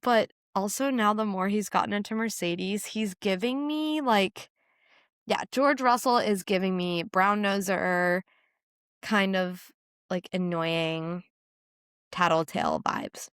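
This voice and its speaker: A woman's voice: medium pitch, takes it slowly, fairly bright tone, smooth, dry recording, studio quality. A woman from the United States co-hosting a motorsport podcast, chatting casually and frankly with frequent laughs. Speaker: podcast co-host. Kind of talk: casual chat.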